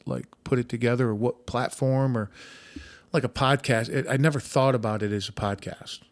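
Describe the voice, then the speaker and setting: A man's voice: medium pitch, steady tone, normal speed, no room sound. A man hosting a podcast, chatting casually, telling stories with plenty of restarts and casual swearing. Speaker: podcast host. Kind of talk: casual conversational interview.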